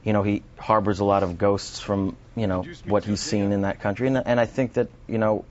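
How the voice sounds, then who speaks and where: A male actor talks through his answers on a morning TV show in a low voice. He is thoughtful and often stumbles over the first words of a sentence. The broadcast sound is muffled. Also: flat delivery, a little fast, a little mellow. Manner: thoughtful, repeats words when starting sentences. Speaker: actor guest. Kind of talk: broadcast interview.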